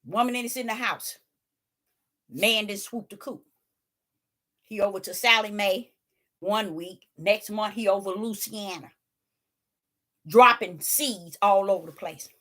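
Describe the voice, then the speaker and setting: A woman's voice: mid-range voice, measured pace, long pauses, sharp tone. A woman preaching informally, emphatic and rhetorical, with folksy dialect and phrases repeated for emphasis.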